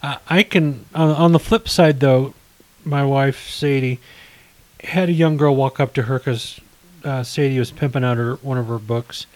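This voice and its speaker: A man's voice: medium pitch, steady tone, moderate pace, low-quality recording. A middle-aged man co-hosting a casual podcast, telling rambling stories and correcting himself as he goes. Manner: rambling storyteller, self-correcting. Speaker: podcast co-host. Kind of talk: casual chat.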